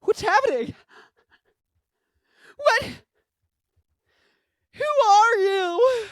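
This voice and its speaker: A young man voicing a confused, elderly grandmother who has stopped taking her pills, in a shrill, warbling falsetto. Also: animated, very slow, no room sound, clean studio sound, heavily acted. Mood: bewildered.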